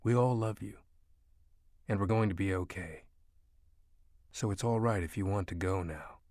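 A man voicing a tender husband in an audiobook, speaking softly and slowly. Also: sits low, dry recording, clean studio sound, natural voice. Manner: soft, slow, gentle. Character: tender husband at his dying wife's bedside. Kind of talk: audiobook character voice.

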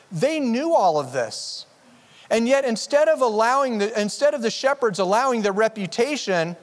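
High-voiced preaching man in a hall. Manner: earnest, conversational preaching with frequent restarts. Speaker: pastor. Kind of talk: sermon. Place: church sanctuary.

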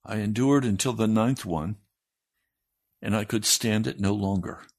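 A man's voice: lowish voice, unhurried. A man, a pastor, reading a story aloud in a sermon, raising his voice for the quoted lines.

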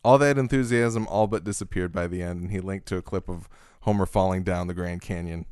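Male podcast co-host reading listener mail in relaxed chat; lowish, smooth, dry close mic. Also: fairly quick, dry recording. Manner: reads listener messages aloud, laughs easily.

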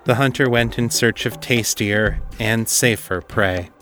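A man hosting a podcast, reading a dark fantasy story as scripted narration in a measured, deliberate way. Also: on the low side, soft background music.

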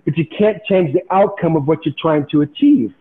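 Intense high-voiced man telling a story. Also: normal speed. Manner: animated, intense, motivational, repeats words when excited. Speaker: podcast guest, former pro baseball player. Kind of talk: storytelling in casual interview. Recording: tinny phone-like sound.

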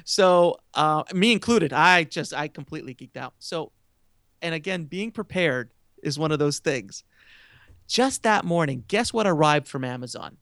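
A man guesting on a podcast, telling an animated, self-mocking anecdote and laughing often. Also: fairly high pitch, normal speed, no room sound, clean studio sound. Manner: animated, excitable storyteller who laughs often. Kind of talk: casual interview storytelling.

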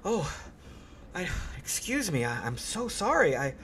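A man's voice: high-pitched, big pitch swings, measured pace, fairly bright tone, a little hiss or hum, pitched above the performer's own voice, exaggerated voice. A man voicing a dazed, genteel woman who falters through her apologies.

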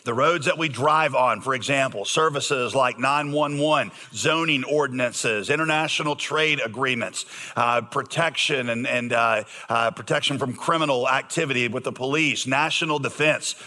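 A man's voice: medium pitch, normal speed, few pauses, sharp tone, long reverb tail. A man preaching a sermon as pastor, joking in a conversational way and reading scripture aloud with emphasis.

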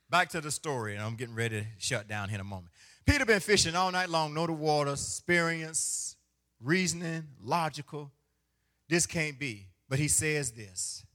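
A man preaching a sermon as pastor, swinging from hushed phrases to loud, half-sung lines. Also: fairly high pitch, expressive, moderate pace.

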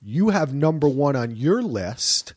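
A man from New Jersey hosting a casual group chat over a call, lively and quick to laugh. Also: medium pitch, slightly rough. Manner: lively, animated, laughs easily. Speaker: podcast host. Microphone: home microphone on a call.

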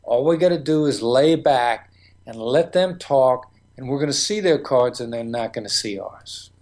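A man's voice: medium pitch, expressive, moderate pace, darkish tone. Man explaining negotiation in stories. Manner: storytelling, acts out quoted exchanges. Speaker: negotiation expert guest. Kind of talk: conversational teaching interview.

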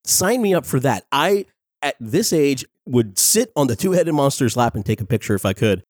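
A man in his forties talks through a casual review with quick, excited energy and frequent laughs. His voice sits at a middle pitch. The sound is dry and close, with no room echo. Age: 40s.

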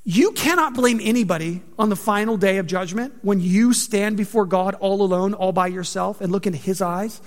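A man preaching a sermon, conversational and joking, with animated delivery. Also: sits high, normal speed, hardly any pauses, long reverb tail. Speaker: pastor.

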